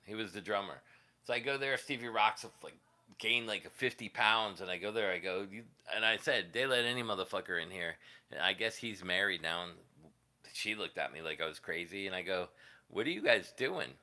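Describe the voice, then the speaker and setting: A livestream host and guitarist, speaking at a moderate pace in a low, pushed and bright voice, shares rambling, profane stories from his time as a musician. He laughs along at his own tales in this casual stream.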